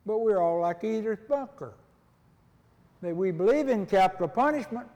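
A man's voice: high-pitched, animated, normal speed, mellow. An older man preaching a folksy, conversational sermon and acting out little dialogues. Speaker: pastor. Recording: long hall reverb.

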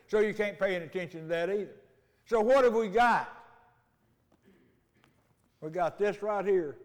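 Older man, high-pitched voice, folksy preacher, long church-hall reverb. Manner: homespun storytelling, slows for emphasis. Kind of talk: folksy sermon. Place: church sanctuary. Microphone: mic.

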